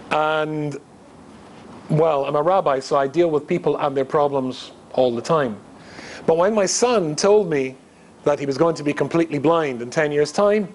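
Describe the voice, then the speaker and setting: A man's voice: a little high, slight background noise. A middle-aged man from Scotland, a rabbi giving a humorous storytelling lecture, chatty and joking with asides to the audience. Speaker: rabbi and guest speaker.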